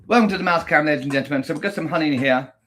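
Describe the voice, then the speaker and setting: Racing through a casual rant and food vlog, this man has a bright-ish voice on the high side. He exaggerates everything, is crude, and curses constantly.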